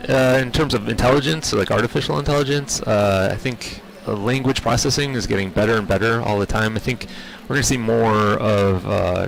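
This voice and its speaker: A man speaking for an industry group, explaining technology trends in a measured way with many filler words. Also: on the low side, vocal fry, slight background noise, poor audio. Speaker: industry spokesperson. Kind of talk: on-site interview.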